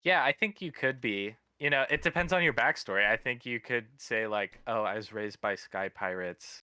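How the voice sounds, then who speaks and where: A man's voice: mid-range voice, moderate pace, sharp tone, smooth, dry recording, clean studio sound. A man casually explaining game rules, walking through the steps one by one.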